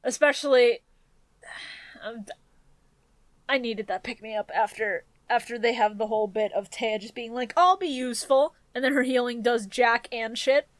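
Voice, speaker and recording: A woman with a high voice chats on a podcast and tells an anime plot with swearing and jokes. The sound is close and dry, with no room around her. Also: moderate pace, no echo. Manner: profane, joking, animated storytelling. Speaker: podcast co-host. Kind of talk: casual chat recapping an anime.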